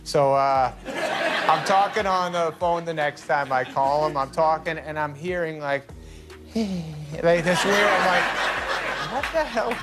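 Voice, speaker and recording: A man, a guest on a talk show, telling comic family stories with lively shouted quotes. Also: slow pace, over loud music. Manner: animated, jumps into high shouted voices for quotes. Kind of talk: comedic storytelling.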